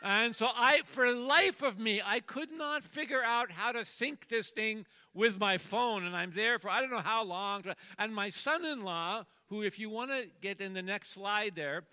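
A man's voice: high voice, moderate pace, few pauses, sharp tone, smooth. A man in his sixties preaching a sermon, jovial and self-deprecating, telling family anecdotes with playful acted-out voices. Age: 60s. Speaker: guest preacher. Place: church sanctuary. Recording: long hall reverb.

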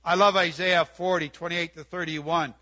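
A man's voice: fairly high pitch, steady tone, normal speed, bright, forceful tone. An older man preaching an earnest sermon in church, repeating key phrases and quoting scripture. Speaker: pastor.

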